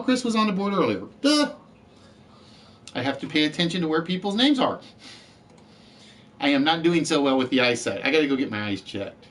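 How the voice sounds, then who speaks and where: A man hosting an online word game show in a chatty, joking way. His voice sits fairly high and moves around a great deal in pitch. He takes his time as he reads out letters and scores to the players. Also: a bit bright.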